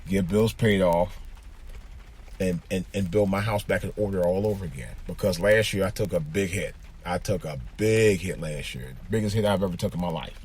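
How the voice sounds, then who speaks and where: Low husky man talking while driving. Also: moderate pace, darkish tone. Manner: rambling, repeats himself, many fillers. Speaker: podcast host. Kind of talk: casual monologue. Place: in a car, driving.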